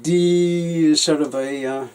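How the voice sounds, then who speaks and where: A puppeteer telling stories about his work in a relaxed, hesitant way, with many fillers and restarts. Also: on the high side, slow pace, clear, resonant tone, poor audio. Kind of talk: anecdotal storytelling.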